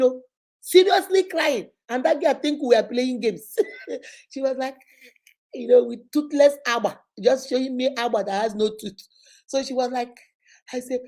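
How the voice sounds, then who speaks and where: A Nigerian woman in her forties with a Nigerian accent, hosting and telling a personal story in an animated, dramatic way with frequent laughter. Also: high-pitched. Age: 40s. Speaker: host. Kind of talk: storytelling to viewers.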